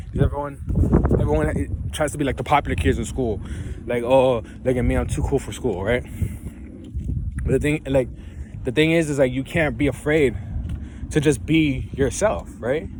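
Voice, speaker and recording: A young man rambles casually in a vlog, swearing freely, laughing at times, and ending his points with "right?" while preaching about believing in yourself. His voice is mid-range, with background noise behind it.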